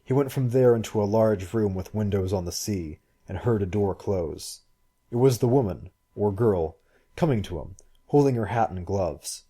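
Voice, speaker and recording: A low-voiced man narrates a story at a measured, even pace. His tone is dark and mellow with a husky edge. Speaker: audiobook reader. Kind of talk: scripted narration.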